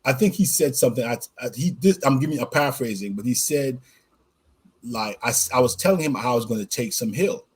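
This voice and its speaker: A man co-hosting a podcast, telling a personal story in casual chat, animated and laughing as he goes. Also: mid-range voice, fairly quick, slightly rough. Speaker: podcast co-host.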